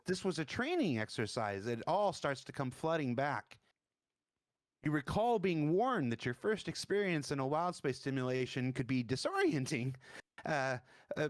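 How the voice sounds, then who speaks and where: A man narrating a tabletop game as dungeon master, halting and searching for words. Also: a little high, no echo, clean studio sound.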